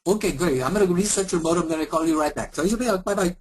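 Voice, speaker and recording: A man doing a hurried, impatient call-center agent with a clumsy fake Indian accent, pitched well above a normal speaking voice. He tears through his lines and brushes the caller off. The voice has a husky edge. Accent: bad put-on Indian accent. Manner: rushes words and brushes the caller off. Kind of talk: customer service role-play.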